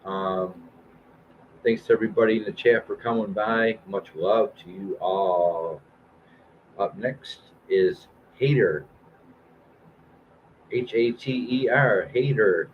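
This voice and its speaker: This is a man in his fifties running through new album releases on a live stream, pausing often on "uh" and "um". His voice sits low and moves slowly. The recording sounds a little dull, with faint hiss underneath. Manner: reads album blurbs aloud with fillers and restarts. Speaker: host of a live stream music show.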